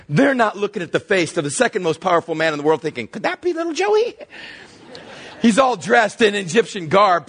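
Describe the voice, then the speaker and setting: A man preaching a sermon as pastor, telling a Bible story with animated voices and sudden hushed low asides. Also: husky.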